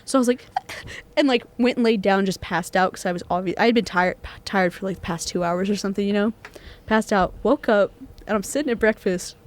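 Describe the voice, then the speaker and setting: A woman's voice: mid-range voice, fairly quick. A young woman, co-hosting a student podcast and telling a ghost story in casual chat, full of fillers. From Texas. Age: young adult. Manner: animated storyteller, many fillers, acts out quoted voices.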